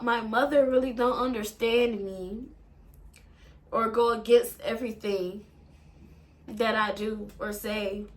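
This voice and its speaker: A young woman telling an emotional story in a halting way, full of fillers and swearing, and fighting back tears. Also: mid-range voice, a bit bright. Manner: halting, with many fillers and profanity. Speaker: vlogger.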